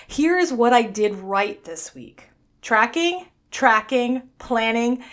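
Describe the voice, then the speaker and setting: Woman, New York accent, podcast host, slightly high voice, upbeat and blunt. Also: fairly bright tone. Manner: chatty, upbeat, blunt and self-mocking. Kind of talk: solo weight-loss podcast chat.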